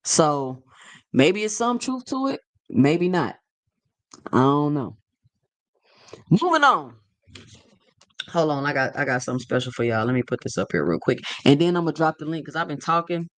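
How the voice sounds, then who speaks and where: A woman in her thirties giving a casual, slangy opinion monologue on boxing, animated and sassy, often repeating herself. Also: low voice, normal speed, pauses often, no room sound. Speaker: boxing commentary vlogger.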